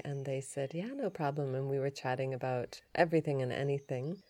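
A woman hosting a yoga and Ayurveda podcast, telling a story in a chatty, animated way. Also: rumbling low, fairly quick. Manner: chatty, animated retelling with laughs and restarts.

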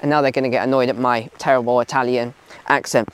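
A man's voice: mid-range voice, little pitch movement, quick pace, smooth, dry recording. A man talking outdoors on a walk, giving emphatic opinions and repeating phrases for stress. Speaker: video commentator. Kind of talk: casual opinion vlog while walking.

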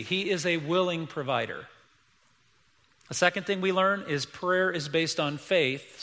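A man's voice: fairly high pitch, sharp tone, in a large hall. A middle-aged man preaching a sermon as pastor, emphatic and repeating key lines, acting out quoted voices.

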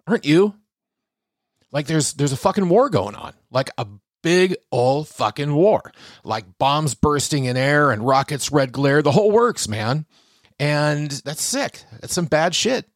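A man's voice: a little high, dry recording, studio quality. A man hosting his own podcast, delivering an angry, sarcastic solo rant full of swearing. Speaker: podcast host.

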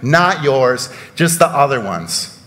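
A man's voice: medium pitch, very animated, takes it slowly, a bit bright, in a large hall. A man preaching a sermon in a church, conversational and full of rhetorical questions and sarcastic asides. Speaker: pastor.

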